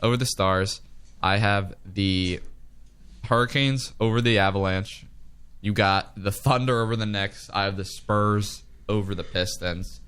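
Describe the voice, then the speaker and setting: A man's voice: fairly low pitch, steady tone, unhurried, fairly bright tone, clear, resonant tone. A young man hosting a college radio sports show, chatting casually and rambling as he reads out odds and predictions. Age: young adult. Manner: rambling, easygoing, trails off mid-sentence.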